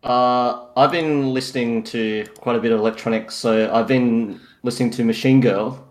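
A man co-hosting a podcast, rambling in casual chat with halting restarts and trailing off quietly. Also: mid-range voice, fairly even intonation. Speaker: podcast co-host.

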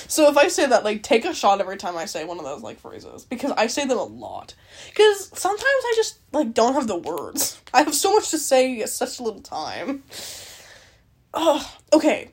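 In a high-leaning voice with big pitch swings, a young adult woman hosting her podcast alone speaks at a measured pace and pauses often. She seems dry-mouthed and breathless, rambling casually, interrupting herself and swearing without restraint.

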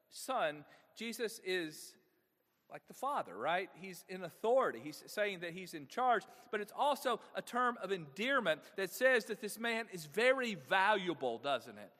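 A man's voice: high-pitched, fairly bright tone, in a large hall. A male pastor preaching a sermon, engaging the congregation with frequent rhetorical questions.

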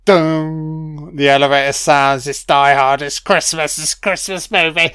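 A drunk man rambling and swearing excitedly through a film commentary. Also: fairly high pitch, a little slow, few pauses, clean tone, no room sound, studio quality. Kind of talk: audio commentary over a film.

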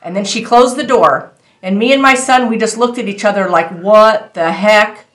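A woman's voice: a little high, fairly quick, echoey room. Earnest woman sharing a faith testimony. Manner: earnest, animated storytelling that addresses viewers directly. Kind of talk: casual spoken testimony.

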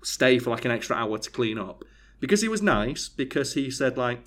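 Young man, casual storytelling, mid pitch. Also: brisk. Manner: animated storytelling, acts out quoted dialogue, swears freely. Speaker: podcast co-host telling a story. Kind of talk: casual chat.

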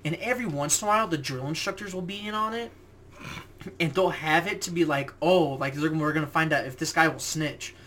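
A young man with a slightly raised pitch chats casually on a podcast. He tells stories with lots of swearing and acts out the voices of the people he quotes. A faint hiss runs under the recording. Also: fairly quick, bright, forceful tone. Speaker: podcast co-host. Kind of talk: casual chat, storytelling.

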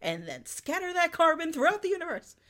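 A woman co-hosting a casual chat, reacting with animated, exaggerated disgust and laughing often. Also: very high-pitched, fairly quick. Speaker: podcast co-host. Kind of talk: casual movie recap chat.

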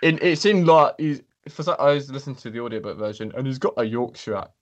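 A man's voice: medium pitch, steady tone, quick pace, lo-fi sound. A man co-hosting a podcast, chatting casually in a sweary, self-mocking, rambling way. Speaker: podcast co-host. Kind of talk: casual chat.

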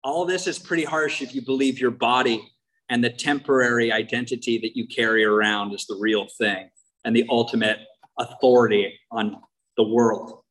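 A man's voice: mid-range voice, steady tone, moderate pace, a bit bright, low-quality recording. A man from the United States with a Californian accent, giving a candid, wry personal talk as main speaker at a recovery meeting.

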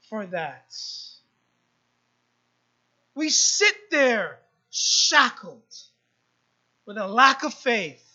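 A woman pastor delivers a sermon in a high, bright voice, taking her time and leaning on repeated phrases. She turns to the congregation with quick asides. The recording sounds dull and lo-fi. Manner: repetitive preaching with rising emphasis and asides to the congregation.

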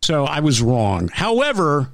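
A man's voice: fairly high pitch, wildly swooping pitch, unhurried, fairly bright tone, no room sound, clean studio sound. Playful male podcast co-host. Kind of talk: casual comedic chat.

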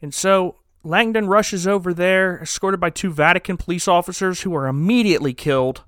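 A man casually recapping a movie plot on a podcast, rambling and joking with quick asides. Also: high-pitched, fairly bright tone, no room sound, clean studio sound. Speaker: podcast co-host recapping a film.

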